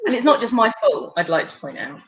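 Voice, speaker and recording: Cheeky giggly woman on a live chat, high bright voice. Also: huge pitch swings, fast talker, muffled recording. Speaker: co-host.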